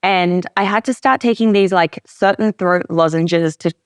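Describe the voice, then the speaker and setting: A woman hosting a podcast interview, chatty and animated, with lots of fillers. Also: on the low side, normal speed, clear, resonant tone, no echo. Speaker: podcast host. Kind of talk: casual interview chat.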